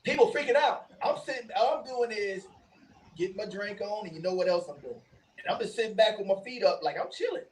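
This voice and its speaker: A man co-hosting a casual talk show, telling animated stories and laughing often. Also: high-pitched, fairly quick, far from the mic, rough recording. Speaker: co-host. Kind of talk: casual chat.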